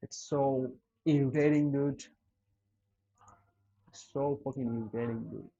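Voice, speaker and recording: A man's voice: mid-range voice, steady tone, unhurried, dark tone, muffled recording. A man streaming live trades, smoking a cigarette while talking to his chat in an exasperated, heavily cursing way. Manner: exasperated, heavy cursing, talks to chat as "dude" and "bro".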